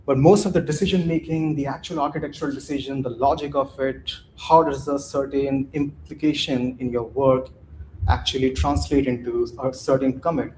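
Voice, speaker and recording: A man presents a technical talk at a live conference, with a mellow, darkish tone. His delivery is loose and conversational, full of restarts and quick "right?" checks with the audience, and a faint hiss sits under the voice. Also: mid-range voice, steady tone. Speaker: conference speaker.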